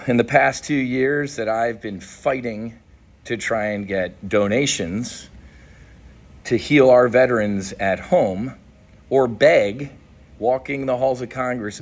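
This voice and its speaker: A man's voice: on the low side, slight background noise. A middle-aged man giving an impassioned, profane political monologue as a podcast host, blunt and frustrated, often restarting his sentences. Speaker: podcast host and veteran advocate.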